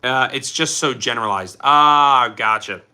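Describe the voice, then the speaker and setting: A man's voice: medium pitch, expressive, moderate pace, pushed and bright, soft background music. A man from Philadelphia with a Philly accent, hosting a casual livestream, chatting in a loose, rambling way and reading out comments. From Philadelphia, USA. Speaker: livestream host.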